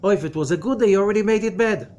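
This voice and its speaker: A man teaching Kabbalah to a study group, emphatic and full of rhetorical questions, dropping to a low, quiet voice when he warns. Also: very fast. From from outside America. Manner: drops to a low, quiet voice for warnings.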